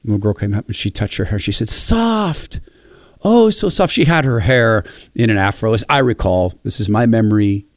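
A man's voice: fairly low pitch, fast talker, no echo. Middle-aged guy musing and telling stories, does little voices for people, dead dry room. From Spokane, Washington, USA. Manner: animated storyteller acting out quoted voices. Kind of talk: reflective monologue.

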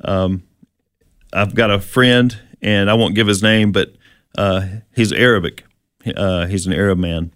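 A man's voice: fairly low pitch, fairly even intonation, unhurried, fairly bright tone, no echo, clean studio sound. A man co-hosting a casual Bible teaching chat, explaining verses with plenty of fillers and restarts. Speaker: co-host.

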